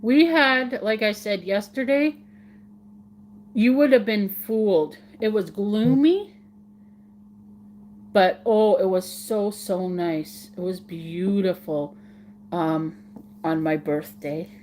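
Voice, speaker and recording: A woman's voice: medium pitch, slow, pauses often, a little mellow, slight background noise. A woman hosting a casual live stream, chatting with viewers in a giggly, playful way and repeating words for fun.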